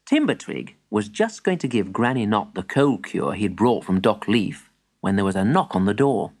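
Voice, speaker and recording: A woman reading a children's story aloud with lively storytelling. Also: very deep voice, moderate pace.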